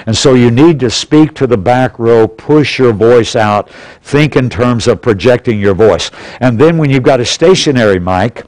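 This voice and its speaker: A man's voice: medium pitch, animated, normal speed, a little mellow, no echo, low-quality recording. A man teaching a practical church class in an auditorium, plainly and instructively, repeating his key points. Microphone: stationary pulpit mic.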